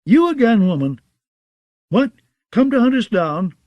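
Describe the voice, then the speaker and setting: A man voicing a cruel, gleeful male jester who taunts in a high, braying voice. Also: sing-song, unhurried, no echo, muffled recording, heavily acted. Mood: taunting.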